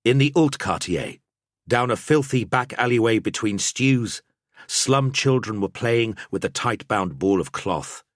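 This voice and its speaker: A man narrating an audiobook in a measured storytelling manner. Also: medium pitch, expressive, dry recording, studio quality.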